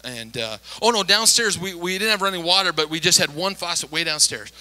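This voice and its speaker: High, bright-voiced animated pastor. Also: male voice, a little fast, rough recording. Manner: animated, acts out quoted voices. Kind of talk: storytelling sermon.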